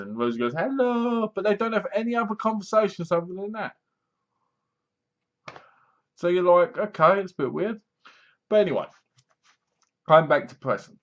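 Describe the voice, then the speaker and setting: A man tells the plot of a horror film in an animated, chatty way, slipping into the characters' voices as he goes. His voice sits a little high for a man. The recording sounds dull and lo-fi. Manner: animated, acts out characters' lines, laughs at his own jokes. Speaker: movie reviewer. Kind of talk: casual film recap.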